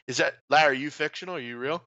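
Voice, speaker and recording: A man's voice: fairly high pitch, racing, bright, forceful tone, no echo, muffled recording. A man hosting a sports betting show, talking in loose, jokey casual banter and swearing freely.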